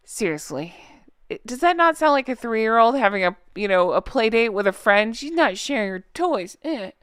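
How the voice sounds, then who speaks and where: A woman's voice: on the high side, very animated, normal speed, a bit bright, clear, resonant tone, dry recording, clean studio sound. A woman vlogger giving casual, sarcastic reaction commentary on a book, blunt and swearing, with laughing asides.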